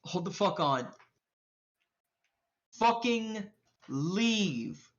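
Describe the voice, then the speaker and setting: A woman's voice: on the low side, big pitch swings, unhurried, highs cut off. A woman voicing a brash, aggressive young street tough who swears constantly and picks fights. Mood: menacing. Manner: profane, swaggering, confrontational.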